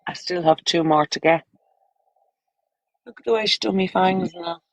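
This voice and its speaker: A woman's voice: on the low side, moderate pace, no echo, poor audio. An Irish woman with children, chatting bluntly and crudely on a casual livestream, rambling from topic to topic. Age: adult, with children.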